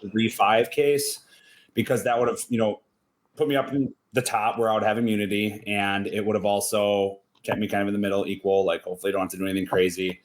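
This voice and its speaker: A man's voice: on the low side, level tone, fast, a little hiss or hum. A young man with a Wisconsin accent, chatting casually as a guest about his time on a reality show, a little sleepy but trying to keep his energy up. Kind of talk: casual video chat interview.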